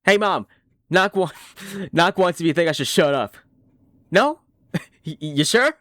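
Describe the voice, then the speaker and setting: A man voicing a cynical, washed-up middle-aged male horse in a fan dub of an animated series, talking in a sardonic, rambling, self-deprecating way. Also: sits high, measured pace, no echo, clean studio sound. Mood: awkward joking.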